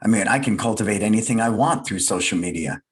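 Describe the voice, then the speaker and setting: A man's voice: on the low side, expressive, fast talker, a little hiss or hum. A middle-aged man giving a motivational fireside talk, earnest and emphatic, repeating his key phrases. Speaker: guest speaker, business leader.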